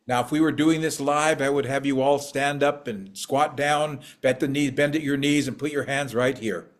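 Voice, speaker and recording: A man telling a traditional story to an audience, rhythmic and repetitive, gently teaching as he goes. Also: mid-range voice, steady tone, moderate pace, hardly any pauses.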